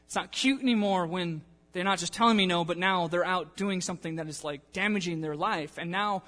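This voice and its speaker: A young man preaching a sermon in a church in a casual, animated way, acting out the people he quotes. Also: high-pitched, normal speed. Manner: animated, conversational, acts out quotes. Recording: long church-hall reverb.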